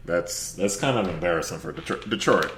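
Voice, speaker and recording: A man's voice: deep voice, expressive, fairly quick, fairly bright tone, a little hiss or hum. A man co-hosting a sports podcast, joking and trash-talking in casual chat. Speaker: podcast co-host.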